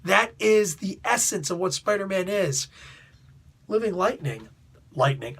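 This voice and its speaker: A man with a husky, slightly high voice talks through a comic book review in a loose, rambling way. He laughs often and keeps checking in with his listeners. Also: lively intonation, unhurried, fairly bright tone. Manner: chatty, laughs often, asks "you know what I'm saying?"; rambling, with restarts and asides. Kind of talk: casual spoken review.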